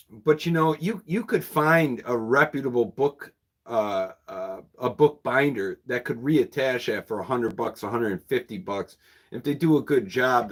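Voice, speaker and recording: A man's voice: medium pitch, fairly bright tone. A man who runs a used bookshop, chatting casually and at a rambling pace with viewers on a livestream, chuckling often.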